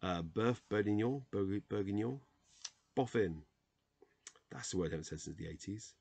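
In a low, gravelly voice that's somewhat mellow, husky and expressive, a weary man works through dictionary entries late at night. This casual solo reading vlog finds him tripping on pronunciations, pausing to fix himself, and muttering under his breath.

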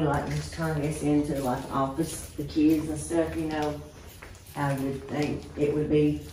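A woman's voice: low voice, mellow. A woman leading a tour through an old hospital, explaining the rooms plainly. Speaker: tour guide. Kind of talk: casual guided tour. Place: large old hospital building, indoors. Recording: echoey halls, distant from mic, faint noise.

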